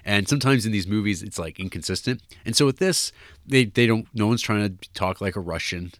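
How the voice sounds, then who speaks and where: Co-hosting a podcast, a man rambles casually through a film discussion, full of fillers and restarts. His fairly low voice moves fairly quickly, recorded in studio quality with no echo.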